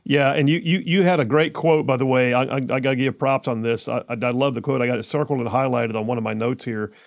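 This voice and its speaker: A man hosting a radio talk show, chatty and quick, with lots of stumbling restarts. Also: mid-range voice, steady tone, creaky, dry recording, studio quality. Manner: chatty, stumbling restarts, rushes when he gets going.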